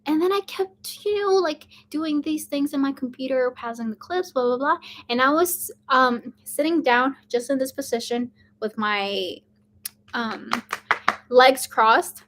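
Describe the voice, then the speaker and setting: Young woman vlogger, high-pitched, chatty with lots of fillers. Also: unhurried, fairly bright tone. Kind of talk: casual storytelling to camera.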